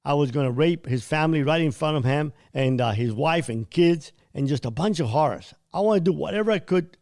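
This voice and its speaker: Gravelly man recounting a story. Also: fairly high pitch, expressive, fairly quick, a little mellow. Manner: blunt, vivid retelling with quoted dialogue; occasionally profane. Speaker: podcast host. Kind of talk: first-person storytelling.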